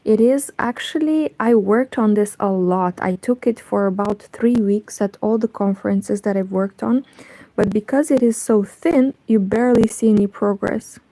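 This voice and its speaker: A woman chatting softly in a hushed half-whisper at home, live-streaming and talking about her crochet. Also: medium pitch, moderate pace, low-quality recording. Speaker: crochet vlogger. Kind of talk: quiet live-stream chat.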